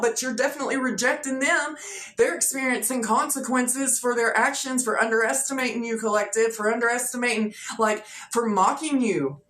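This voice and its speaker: A woman's voice: on the high side, fairly bright tone. Chatty woman reading tarot, echoey room. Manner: chatty, loose, heavy on fillers and repeats. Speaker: tarot reader. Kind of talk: casual tarot reading for viewers. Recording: echoey room with faint noise.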